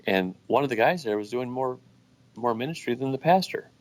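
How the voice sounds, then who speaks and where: A man, a guest business owner, telling stories in a relaxed, casual way with many restarts. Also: medium pitch, brisk. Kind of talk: casual storytelling.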